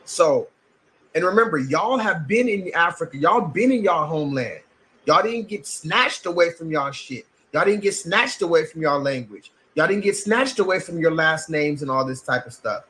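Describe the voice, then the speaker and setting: A man's voice: fairly high pitch, expressive, normal speed, sharp tone. A man from the United States giving blunt, emphatic, profane livestream commentary. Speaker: streamer.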